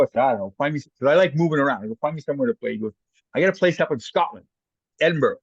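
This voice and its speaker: Canadian male guest, fast, lively raconteur, dry dull recording. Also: mid-range voice, breathy edge, no room sound. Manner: animated anecdotes, acts out quoted voices. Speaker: guest, former hockey player. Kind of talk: casual storytelling.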